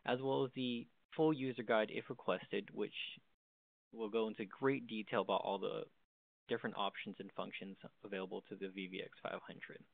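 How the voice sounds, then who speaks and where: A man's voice: on the low side, steady tone, normal speed, gravelly, no echo. A man walking through the basic features of a desk phone in a plain, step-by-step instructional tone. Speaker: tutorial presenter. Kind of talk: instructional walkthrough. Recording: dry, phone-like narrow sound.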